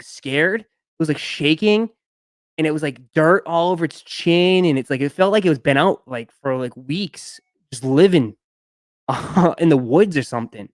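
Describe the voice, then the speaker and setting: A man's voice: on the high side, lively intonation, moderate pace, dry recording, studio quality. A young man hosting a live stream, chatting casually and telling a long rambling story with lots of fillers. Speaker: sneaker live stream host.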